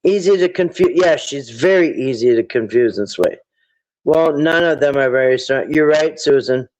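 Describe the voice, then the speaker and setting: A man's voice: medium pitch, normal speed, darkish tone, lo-fi sound, slight background noise. A man hosting a casual livestream, rambling and thinking aloud as he answers viewer chat. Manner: rambling, thinks aloud, quotes people in put-on voices.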